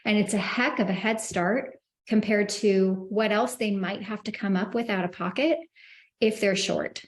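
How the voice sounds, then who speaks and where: A woman teaching telephone sales, confident and emphatic, acting out call lines in a brighter voice. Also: mid-range voice, steady tone, moderate pace. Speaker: insurance sales trainer. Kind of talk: instructional talk to the camera.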